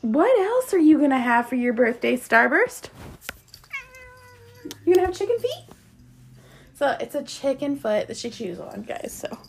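A woman talks to her pet cat in soft, coaxing baby talk, her very high voice rising and falling all the time. She takes her time, drawing out each question in a sing-song way. A faint hiss of noise sits under her voice. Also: sing-song, unhurried, gravelly, long pauses. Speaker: pet owner and podcast host.

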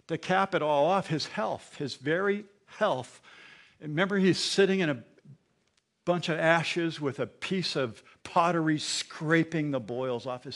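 Expressive male preacher, fairly high voice. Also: gravelly. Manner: expressive preaching, reads scripture aloud with emphasis. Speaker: pastor. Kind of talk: sermon.

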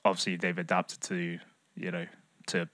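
A man's voice: deep voice, completely flat delivery, normal speed, a bit bright, no room sound, studio quality. A young man co-hosting a podcast, laid-back and easily laughing, hedging his points with fillers. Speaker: podcast co-host. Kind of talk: casual chat.

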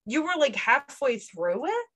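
A woman psychic medium chatting as a podcast guest, relaying a spirit's words in lively quoted bursts and laughing often. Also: high-pitched, a little slow, low-quality recording. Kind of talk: casual podcast chat.

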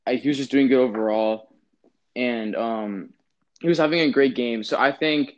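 A man's voice: mid-range voice, normal speed. A young man co-hosting a casual sports podcast, giving opinions with lots of ums and restarts. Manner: opinionated, hesitant with many fillers. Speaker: podcast co-host. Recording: dull lo-fi sound.

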